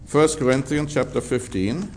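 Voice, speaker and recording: A man preaching a Bible-teaching sermon in a measured, emphatic way, drawing out key words for stress. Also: medium pitch, slight background noise.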